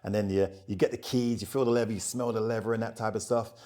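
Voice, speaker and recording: A middle-aged man with a fairly low voice, chatting as an interview guest. He tells lively stories, acts out bits of dialogue and laughs easily, with a relaxed, conversational flow. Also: fast. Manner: animated storyteller who acts out dialogue and laughs often. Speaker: rum ambassador, interview guest.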